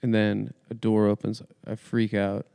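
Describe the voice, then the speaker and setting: A man co-hosting a podcast, telling rambling dream stories in a deadpan, casual way. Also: lowish voice, measured pace, gravelly, smooth, no room sound. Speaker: podcast co-host. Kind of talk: casual comedic chat. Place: small dry studio room.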